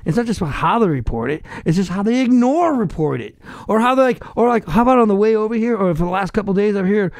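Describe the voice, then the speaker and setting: A man's voice: high-pitched, lively intonation, quick pace, few pauses, a little mellow, dry recording, studio quality. A middle-aged man with a Boston accent, a podcast guest ranting in profane, heated, rambling bursts. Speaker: podcast guest, hardcore musician. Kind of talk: ranting casual chat.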